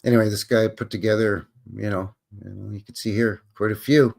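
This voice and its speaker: A man's voice: on the low side, little pitch movement, brisk, gravelly, a little mellow. A man hosting a live stream. He reads articles aloud and rambles through wry, skeptical, joking asides. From Canada. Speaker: host of a live stream show.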